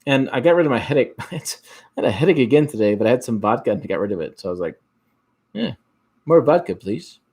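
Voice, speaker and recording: A man's voice: medium pitch, racing, darkish tone, husky. A man from Michigan with an Upper Midwest accent hosting a casual livestream, reading out viewer comments in a rambling way with frequent restarts. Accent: Upper Midwest American. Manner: rambling, repeats and restarts words, chuckles often. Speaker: host.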